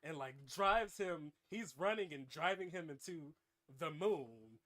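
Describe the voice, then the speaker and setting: A man narrates an improvised comic story with dramatic flair. His pitch swings widely while his pace stays slow and deliberate. He is slightly high-voiced and animated throughout. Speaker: host.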